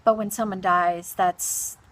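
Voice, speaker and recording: A grieving woman recounting a personal experience in a halting, soft-spoken monologue full of pauses and restarts. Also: mid-range voice, steady tone. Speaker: vlogger.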